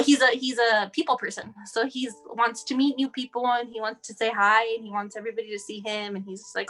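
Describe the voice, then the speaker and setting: A woman's voice: on the high side, moderate pace, fairly bright tone, faint music behind. A woman sharing her son's story as a guest, talking casually and running on with "like" and "you know".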